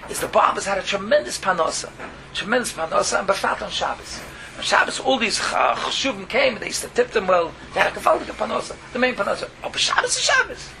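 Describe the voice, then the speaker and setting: This rabbi has a high, creaky voice as he teaches a Torah lesson, telling stories, mixing in words and jumping into exclamations. A steady hiss runs under the recording.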